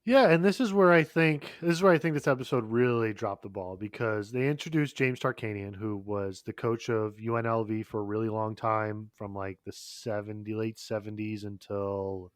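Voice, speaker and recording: A man co-hosts a casual podcast, rambling in long runs packed with fillers, restarts and swearing. His voice is lowish, his pace moderate with hardly any pauses, and the sound is clean studio audio with no room sound.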